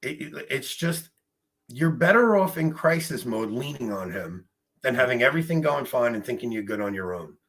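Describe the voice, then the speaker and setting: A man hosts a casual podcast interview, hesitant and stammering as he asks his questions. His voice has a husky, slightly breathy edge at a middling pitch. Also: lively intonation, normal speed, fairly bright tone. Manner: hesitant, stammering when asking. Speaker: podcast host.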